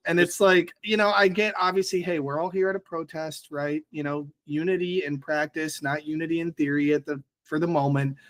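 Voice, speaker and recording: A young man co-hosting a political podcast in casual chat, chatty and slangy and quick to laugh. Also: a little high, fairly even intonation, fairly bright tone. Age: young adult. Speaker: podcast co-host.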